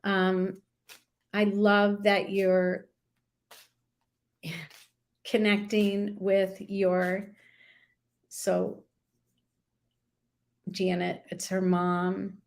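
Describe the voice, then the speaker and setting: Woman reading angel cards live, talks real slow and gentle, reassuring. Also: mid-range voice, completely flat delivery. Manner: slow, soothing, affirming, speaks directly to viewers. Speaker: intuitive card reader.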